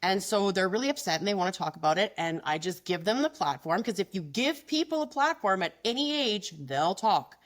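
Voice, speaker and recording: A middle-aged woman talking bluntly and emphatically in a casual interview, quick and frank, slipping into mocking quoted voices. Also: mid-range voice, big pitch swings. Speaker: guest, business founder.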